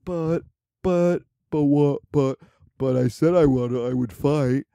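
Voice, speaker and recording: A man's voice: on the high side, slow pace, gravelly, mellow, clear, resonant tone, no echo, studio quality. A man voicing a whiny, stubborn male emperor who stammers and repeats himself. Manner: stammering, whining.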